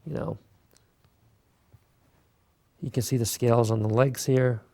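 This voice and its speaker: Gravelly-voiced man teaching clay sculpting. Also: medium pitch, a little slow. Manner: relaxed, talks while working, many fillers. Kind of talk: step-by-step craft tutorial.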